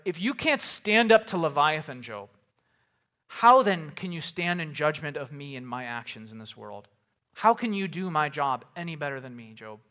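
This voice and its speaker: A man preaching a sermon, reading scripture aloud and paraphrasing it in a casual, animated way with rhetorical questions. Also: on the high side. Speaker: pastor.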